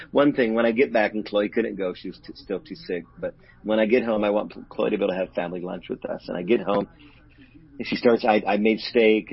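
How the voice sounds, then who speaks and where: Middle-aged guy, a pastor, low husky voice, earnest emotional storytelling, muffled lo-fi sound. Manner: earnest and emotional, speaks openly about hurt. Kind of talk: candid personal storytelling in an interview. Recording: dull lo-fi audio.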